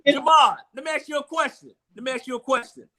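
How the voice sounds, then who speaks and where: A man hosting a casual chat show, talking loudly and joking with his co-hosts. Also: very high voice, fairly even intonation, fast talker, rough recording. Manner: loud, joking, laughing often.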